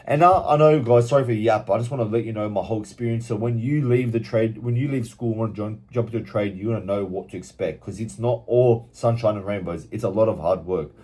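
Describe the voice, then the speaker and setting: A man's voice: fairly low pitch, quick pace, hardly any pauses, dark tone. A young Australian man telling his own work story bluntly, swearing freely and venting openly. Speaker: vlogger. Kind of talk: candid personal storytelling.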